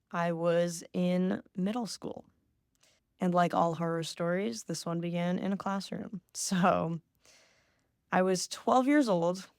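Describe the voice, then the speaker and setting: In her twenties, this podcast host tells a personal story solo, chatty and self-mocking, saying "like" a lot. Her lowish voice sounds smooth, and the clean studio audio has no echo.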